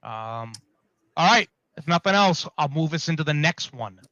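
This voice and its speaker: A man's voice: a little high, expressive, moderate pace, pushed and bright, dry recording, dull audio. A man hosting a casual wrestling talk show, rambling and correcting himself as he steers the discussion. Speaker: podcast host.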